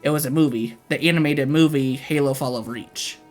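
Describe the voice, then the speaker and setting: A man's voice: mid-range voice, a little fast, soft background music. A man livestreaming, ranting casually and profanely to his chat.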